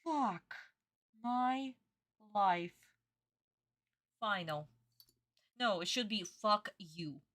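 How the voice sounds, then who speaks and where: A woman's voice: mid-range voice, expressive, extremely slow, long pauses, a bit bright, a little hiss or hum. A young woman streaming her reaction to a dubbed anime, chatting casually with viewers, exasperated, swearing and bursting into laughs.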